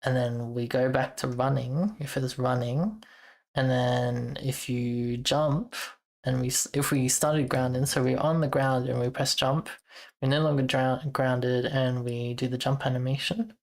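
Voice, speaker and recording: A woman's voice: extremely low pitch, little pitch movement, unhurried, a little mellow. A woman streaming casually as she codes, thinking aloud to her chat, trailing off and restarting with an occasional chuckle. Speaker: streamer and software developer.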